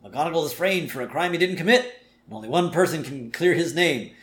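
Tv promo announcer, punchy, dramatic, lively, echoey room, man doing it. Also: fairly high pitch, a little fast.

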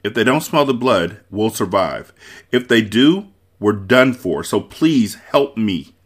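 A brave young storybook hero, as a male reader puts him on, his voice pushed a little higher than the reader's own. He speaks earnestly and with urgency. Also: lively intonation, unhurried. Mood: strained.

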